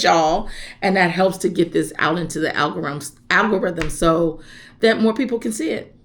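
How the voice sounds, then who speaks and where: A woman's voice: lowish voice, a little slow. Woman chaplain, conversational direct-to-viewer teaching. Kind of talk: casual teaching vlog.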